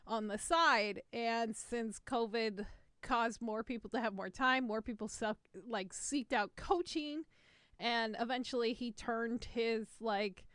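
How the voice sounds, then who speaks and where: A woman's voice: on the high side, takes it slowly, fairly bright tone, smooth, dry recording, studio quality. A woman co-hosting a gaming podcast, chatting casually with lots of fillers and swearing. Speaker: podcast co-host.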